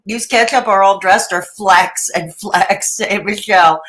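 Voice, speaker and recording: A woman's voice: mid-range voice, slow pace, a bit bright, poor audio. A middle-aged woman doing live reaction commentary, sarcastic and mocking, with dramatic asides and laughs. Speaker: reaction streamer.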